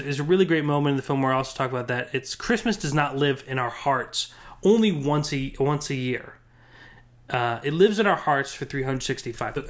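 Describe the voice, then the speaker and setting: A young man talks through a film review in an earnest, rambling way, often restarting his sentences. His voice sits a little on the high side, and he speaks casually, close to the camera mic. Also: a bit bright. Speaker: movie reviewer.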